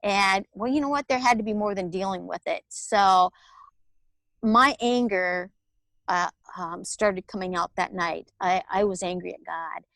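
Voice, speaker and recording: A woman, telling her personal story as an interview guest in a candid, animated way. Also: medium pitch, unhurried, gravelly, dry recording. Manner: candid, animated storytelling with laughs and acted-out quotes. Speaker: guest, author and alternative healer.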